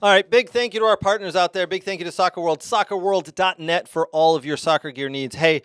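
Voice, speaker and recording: A man's voice: high-pitched, fairly quick, fairly bright tone, smooth, no echo, studio quality, faint music behind. A middle-aged man hosting a casual sports show, rambling through sponsor reads with plenty of uh and um. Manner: chatty, rambling, lots of uh and um fillers. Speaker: podcast host.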